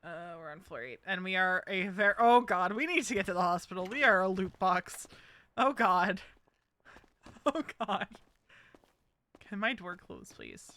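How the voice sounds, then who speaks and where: Streaming a game, this New Jersey woman rambles through casual chat, dropping frequent ums. Her medium-pitched voice is expressive and fairly bright, delivered at a measured pace with long pauses. Behind her you can hear game sounds and vehicles.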